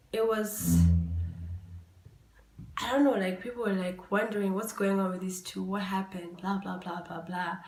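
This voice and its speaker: A young woman hosting a podcast, telling a personal story in a casual, animated way. She swings from quiet to loud exclaiming and swears freely. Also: medium pitch. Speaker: podcast host. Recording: echoey room.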